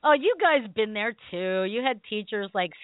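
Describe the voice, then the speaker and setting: A middle-aged woman hosting a call-in radio show, telling stories in an animated way and laughing often. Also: medium pitch, normal speed, dry recording. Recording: tinny phone-line sound.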